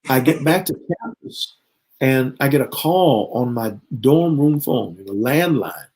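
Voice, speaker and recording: In a low-quality recording, a fiftysomething bishop speaking as a guest relates his personal testimony in conversation. His medium-pitched voice is expressive, a little slow, and darkish in tone, and he earnestly acts out dialogue from memory.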